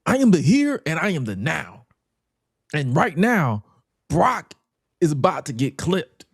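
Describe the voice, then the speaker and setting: A man doing a booming, high-pitched wrestler promo. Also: big pitch swings, unhurried, vocal fry, slightly rough, no echo, clean studio sound, exaggerated voice. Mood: boastful. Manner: loud, boastful, slangy. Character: impression of a booming young male wrestler cutting a promo.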